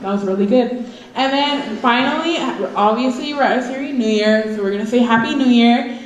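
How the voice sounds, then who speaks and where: A teenage girl presenting to an audience at a school event, teaching phrases slowly so people can repeat after her. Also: a little high, noisy background. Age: teens. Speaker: student presenter. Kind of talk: classroom presentation. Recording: echoey hall.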